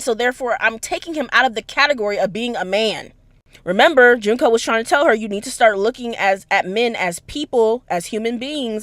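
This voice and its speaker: A woman giving an animated, slangy analysis of a story in casual talk. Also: high-pitched, no room sound. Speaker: anime commentator.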